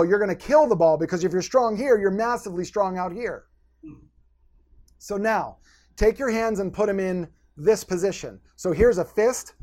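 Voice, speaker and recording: Energetic male posture coach, high voice, instructive, talks the listener through exercises. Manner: energetic, instructive, gives step-by-step directions. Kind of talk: coaching guest on a podcast.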